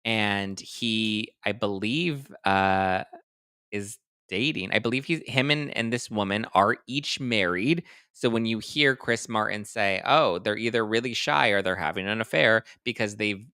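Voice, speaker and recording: A man hosts a gossip show in a loose, chatty way, reading viewer comments and throwing in sassy, mock-outraged asides. His voice sits a little low but sounds bright and forceful, with a smooth, crisp clarity. The sound is dry and close, with no room echo. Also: unhurried. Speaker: host of a celebrity gossip show.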